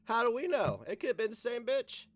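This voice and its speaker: Male streamer, crude jokes, casual riffing, high lively voice, faint music behind. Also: brisk. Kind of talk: casual commentary over old ads.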